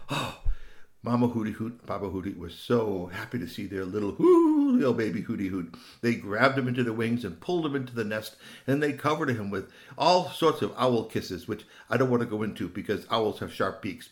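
A man telling a children's story in a playful, animated way, with shrill owl hoots and little asides. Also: moderate pace.

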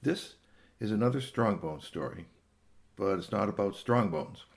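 A man's voice: lowish voice, expressive, normal speed, gravelly. Man telling a rambling children's story. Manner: rambling, with fillers and gasps.

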